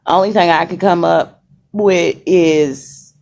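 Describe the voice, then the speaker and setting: A young woman from the American South talks straight into her phone camera from a hospital room, chatting with viewers in a drawled, easygoing way. Her voice is gravelly with vocal fry, and she takes her time. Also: fairly low pitch, steady tone, slow, darkish tone. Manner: chatty, laughing, says y'all, greets commenters. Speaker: vlogger. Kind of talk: casual chat to viewers.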